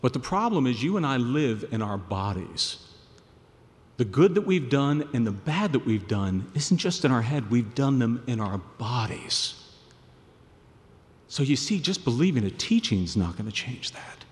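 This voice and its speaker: A male pastor preaching a sermon, swelling to loud emphatic peaks and then dropping low and quiet. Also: sing-song, unhurried, long reverb tail.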